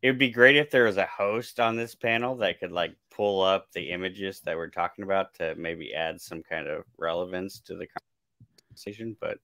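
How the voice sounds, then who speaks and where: Low, bright-voiced sarcastic man. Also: moderate pace, dry recording. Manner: sarcastic, rambling with fillers. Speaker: podcast panelist. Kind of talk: casual chat.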